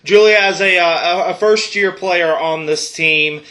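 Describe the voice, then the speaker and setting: A man hosts a college sports interview, with upbeat, playful lead-ins and a casual question round. His voice sits fairly high for a man and has a bright, forward edge. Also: measured pace.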